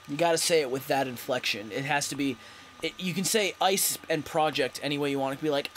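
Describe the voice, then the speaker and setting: A man giving casual, playful gameplay commentary, reading game text aloud and getting excitable. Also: a little high, a little fast, slight background noise. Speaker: let's play host.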